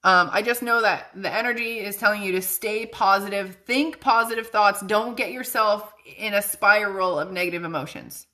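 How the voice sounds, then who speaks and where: Bubbly, bright-voiced woman livestreaming. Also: medium pitch, moderate pace, hardly any pauses. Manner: bubbly, chatty, laughs often. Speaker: psychic medium livestream host. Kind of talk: casual livestream chat.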